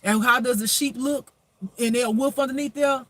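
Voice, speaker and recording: A man's voice: very high-pitched, steady tone, moderate pace, pushed and bright, no echo. A man giving a spiritual reading as a life teacher, preaching emphatically with rhetorical questions.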